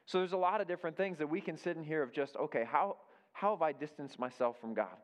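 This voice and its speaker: A man's voice: on the high side, fast. A man in his thirties preaching a sermon, telling a family story in a conversational way and repeating key phrases for emphasis. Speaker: pastor. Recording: dull sound with long hall reverb.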